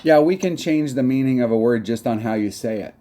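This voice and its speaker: A man's voice: medium pitch, animated, a little fast, darkish tone, slight background noise. An American man chatting casually while gaming, making self-deprecating jokes. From United States. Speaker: mobile game player.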